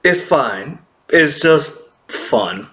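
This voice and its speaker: Excitable man recapping an anime episode. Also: a little high, drawn-out words. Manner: excitable, laughs often, acts out characters' lines.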